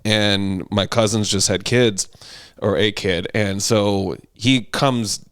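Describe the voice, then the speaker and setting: A man's voice: fairly low pitch, slow pace, clear, resonant tone. A man telling stories in casual conversation as a podcast guest, laughing often and acting out quotes. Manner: lively storyteller, laughs often, acts out quotes. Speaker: stand-up comic and podcast guest.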